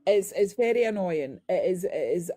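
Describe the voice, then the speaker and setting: A woman talks casually on a live stream and spins animated stories, often tagging her points with a quick "right?". Her voice is warm and dark with a slightly husky edge. The sound is dry and close, with almost no room around it. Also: lowish voice, no room sound, faint music behind. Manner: animated storytelling, frequent "right?" tags. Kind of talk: casual chat.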